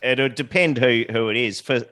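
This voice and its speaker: A man's voice: mid-range voice, normal speed, a bit bright. A man co-hosting a sailing podcast, laid-back with a wry sense of humour in casual chat. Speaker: podcast co-host.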